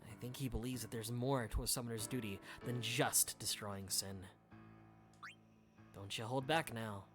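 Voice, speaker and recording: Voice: mid-range voice, fairly even intonation, normal speed, over music, voice pushed down, lightly acted. A streamer putting on a proud, chatty old retainer. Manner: old-fashioned, folksy phrasing. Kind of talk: reading game dialogue aloud.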